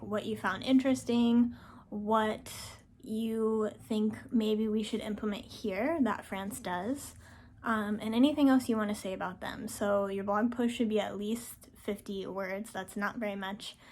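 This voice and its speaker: A woman's voice: a little high, a little mellow, slight background noise. A woman French teacher going over the week's assignments in a casual recorded announcement, with frequent ums and firm reminders.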